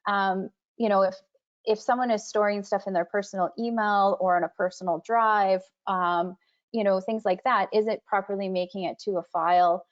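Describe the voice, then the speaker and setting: A woman's voice: medium pitch, fairly even intonation, normal speed. A woman on a webinar panel talking about records and privacy in a conversational way, with many fillers and restarts. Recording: muffled video call audio.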